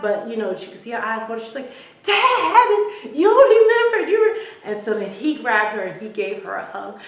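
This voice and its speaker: A woman in her forties telling a family story to her vlog audience in a chatty way, with filler words. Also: medium pitch. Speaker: vlogger. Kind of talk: casual storytelling to camera. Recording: very echoey room, distant mic.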